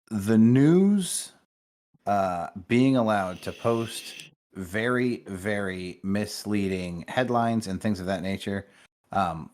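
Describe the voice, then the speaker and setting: Deep-voiced profane podcast man. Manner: profane, excitable storytelling. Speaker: podcast co-host. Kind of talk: casual podcast chat.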